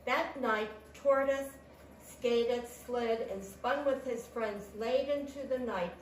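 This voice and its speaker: A woman's voice: a little high, a little hiss or hum. A woman reading a children's picture book aloud with sound effects, in an echoey room. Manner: slow, animated read-aloud with sound effects. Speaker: storytime reader. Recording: echoey room, mic at a distance.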